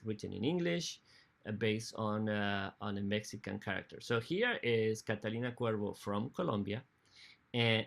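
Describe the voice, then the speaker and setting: A man giving a talk on opera as a music director, halting and often correcting himself mid-sentence. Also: lowish voice, gravelly. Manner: halting, with frequent restarts and self-corrections. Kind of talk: lecture.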